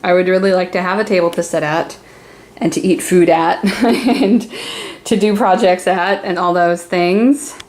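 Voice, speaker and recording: In a low, darkish voice with a steady tone and unhurried pace, a young woman vlogs from her kitchen and living room. She's chatty and cheerful, switching to baby talk for her pets.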